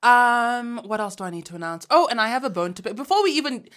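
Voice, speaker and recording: A woman from Uganda co-hosting a podcast in casual chat, animated and frank, laughing often and using slang. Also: on the high side, quick pace. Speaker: podcast co-host.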